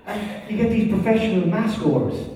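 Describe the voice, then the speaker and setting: An Irish man performs stand-up with animated, profane storytelling and quick character voices. His voice sits high. It comes from a distance, with the long, roomy echo of a big hall. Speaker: stand-up comedian. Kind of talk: stand-up comedy set. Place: theatre stage before a live audience.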